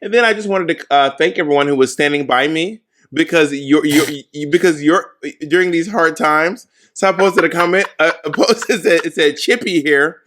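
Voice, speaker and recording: A man co-hosting a podcast in casual sibling banter, chatty and self-deprecating, with a slightly raspy voice after throat surgery. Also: on the high side, normal speed, hardly any pauses. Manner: chatty, self-deprecating, drops softer when talking about his voice. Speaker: podcast co-host.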